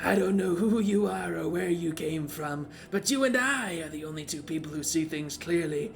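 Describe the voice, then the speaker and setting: A man voicing a blunt, raspy, witch-like female ranger while reading game dialogue aloud. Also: fairly high pitch, moderate pace, slight background noise. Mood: stern.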